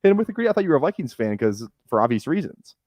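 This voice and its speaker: Fast-talking young man streaming a draft. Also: mid-range voice, sing-song, a little mellow, no room sound, studio quality. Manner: rambling, filler-heavy storytelling with frequent restarts. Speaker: fantasy football streamer host. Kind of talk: casual chat while drafting.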